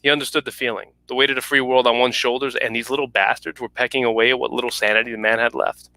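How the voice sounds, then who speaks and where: Man, author reading fiction at an online launch, quick bright delivery. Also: mid-range voice, steady tone, clear, resonant tone, no echo. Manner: brisk, clipped reading with small restarts. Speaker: author reading his story. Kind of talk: reading fiction aloud at a virtual book launch. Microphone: home video call mic.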